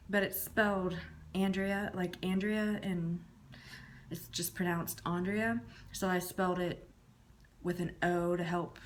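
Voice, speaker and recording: Woman, 30s, casual vlog chat, low-key, trailing off quietly, faint background hiss. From Southern United States. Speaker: YouTuber. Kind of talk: casual tag video answering questions.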